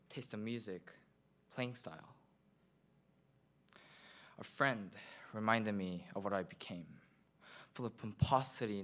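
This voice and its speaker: A young man with a Korean accent performing his own slam poem at a school event, earnest and measured, repeating phrases for effect. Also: lowish voice. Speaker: student poet.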